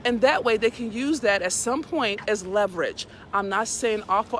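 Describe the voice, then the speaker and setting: A woman's voice: medium pitch, normal speed, hardly any pauses, fairly bright tone, slight background noise. Blunt, profane woman preaching outdoors. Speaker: live video host. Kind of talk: casual live-stream talk. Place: outdoors in an urban area, walking a dog.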